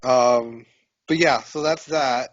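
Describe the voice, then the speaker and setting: A man's voice: medium pitch, moderate pace, no room sound. A man co-hosting a podcast, dryly correcting and adding wry comments. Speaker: podcast co-host. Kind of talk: casual chat. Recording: dry, dull lo-fi audio.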